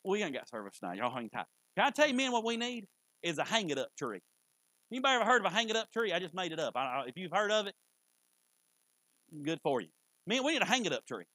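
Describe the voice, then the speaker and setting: A man preaching in a high, bright-edged voice, folksy and conversational, now and then jumping into loud bursts. The sound is close and dry, with little room around it. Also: very animated, quick pace, no echo, rough recording. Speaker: pastor. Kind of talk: sermon. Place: church sanctuary.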